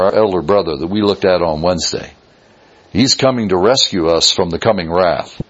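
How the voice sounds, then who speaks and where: A man preaching a sermon as pastor, fervent, with sudden rises and hushed drops. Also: lowish voice, slightly rough, lo-fi sound.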